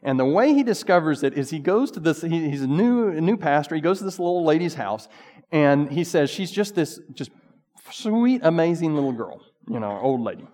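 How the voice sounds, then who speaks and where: A man's voice: fairly high pitch, sing-song, normal speed, mellow, in a large hall. A male pastor giving a casual, conversational sermon with bursts of emphasis.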